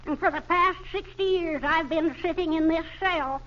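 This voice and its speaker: A man's voice: extremely high pitch, sharp tone, pitched above the performer's own voice. A man voicing a feeble, ancient male prisoner who drags out his words, in a 1940s radio comedy. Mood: weary. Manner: feeble, drawn-out. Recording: muffled old radio recording.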